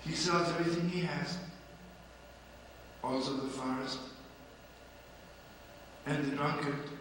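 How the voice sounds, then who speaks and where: A man telling stories live in an impassioned, singsong way, swinging from soft to loud, recorded from far off in a hall. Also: fairly high pitch, fairly even intonation, slow pace. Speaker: storyteller. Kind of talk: live storytelling with song. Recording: echoey hall from far off, noisy.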